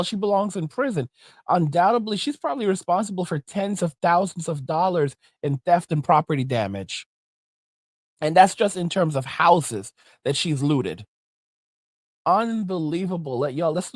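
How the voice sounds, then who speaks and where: A man's voice: fairly high pitch, a little mellow, dry recording. Emphatic man ranting in a dry room. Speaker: commentary host. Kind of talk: reaction commentary with a promo.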